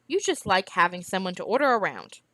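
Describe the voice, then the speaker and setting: A woman reading aloud, voicing a sharp-tongued woman healer who speaks mockingly and scornfully. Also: medium pitch, big pitch swings, brisk, dry recording.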